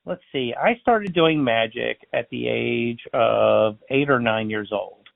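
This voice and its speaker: A man's voice: medium pitch, takes it slowly, gravelly, no echo. A man, a balloon artist and magician, telling stories in a casual interview, acting out the voices in them. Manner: chatty, animated storyteller acting out dialogue. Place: based in Florida. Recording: tinny phone-line sound.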